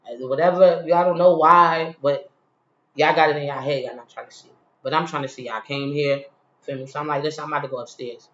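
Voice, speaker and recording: A man's voice: a little high, fast. A man telling a personal story in a casual, heated, slang-filled monologue, retelling a frustrating day. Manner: animated, heated, slangy retelling with frequent "you feel me". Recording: roomy, slightly dull recording.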